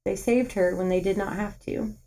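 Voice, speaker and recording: A woman's voice: mid-range voice, normal speed, mellow, slight background noise, low-quality recording. Woman co-host reading a book aloud. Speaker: podcast co-host.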